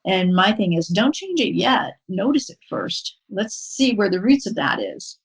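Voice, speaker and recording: A woman guest on a podcast interview, calmly and patiently explaining a mindfulness practice step by step, pausing now and then with an um. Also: mid-range voice, slightly rough, low-quality recording. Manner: calm, instructive, unhurried with frequent um pauses. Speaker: podcast guest, horse-assisted wellness coach.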